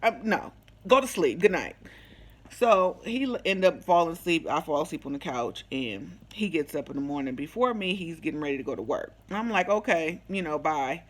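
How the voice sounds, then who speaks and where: Animated woman telling a personal story. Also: low-pitched, a little fast, hardly any pauses. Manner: animated, slangy, acts out the quoted dialogue. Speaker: vlogger sharing a personal testimony. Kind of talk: casual storytelling.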